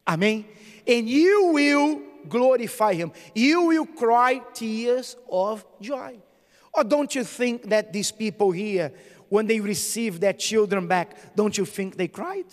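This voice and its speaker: A man's voice: high-pitched, animated, slow. A man preaching a sermon as a bishop, asking the congregation questions and answering them himself. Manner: preaching with call-and-response questions. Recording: church hall reverb.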